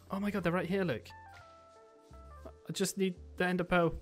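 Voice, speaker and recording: Man, slightly high voice, running let's-play commentary, chatty and excitable, faint music behind. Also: moderate pace, pauses often. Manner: chatty, thinking aloud, excitable bursts. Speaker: gaming video creator.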